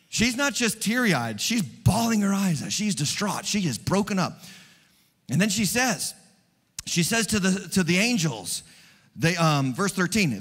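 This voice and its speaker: A man preaching an Easter sermon as pastor, animated, dropping to a hush and then rising loud and fast. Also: high voice, slightly rough, in a large hall. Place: large church hall.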